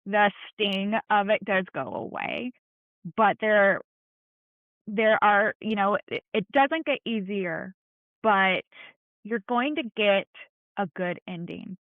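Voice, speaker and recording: A woman's voice: medium pitch, slow, dry recording. A woman speaking as a podcast guest, earnest and encouraging in a candid, heartfelt conversation. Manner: earnest, encouraging, plain-spoken. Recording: tinny phone-like line, dry.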